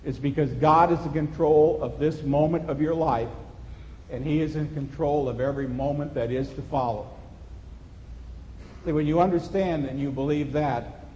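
A man's voice: fairly high pitch, a little mellow, slight background noise. A man preaching a sermon as pastor, earnest and conversational, building to emphatic points. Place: church sanctuary. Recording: muffled sound with long church reverb.

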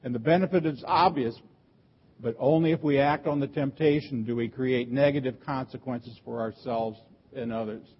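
A pastor delivering a sermon, earnest and emphatic, with repeated rhetorical questions. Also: male voice, mid-range voice, slightly rough, dull audio.

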